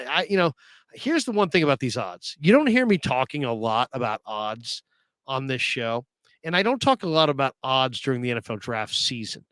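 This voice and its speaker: A man's voice: medium pitch, fairly bright tone, dry recording. A man hosting a casual sports talk show, reading viewer comments aloud and laughing often.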